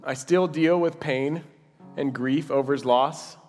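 A man's voice: a little high, fairly even intonation, measured pace, a little mellow. A man preaching an earnest, personal sermon and leading a closing prayer in a church. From Dallas. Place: church sanctuary. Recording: reverberant hall with music behind.

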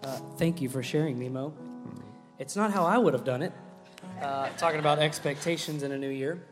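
A man's voice: on the high side, brisk. A man in a church, casually and playfully teasing his fellow speaker on stage. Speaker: church co-host. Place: church sanctuary. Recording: reverberant hall with guitar music.

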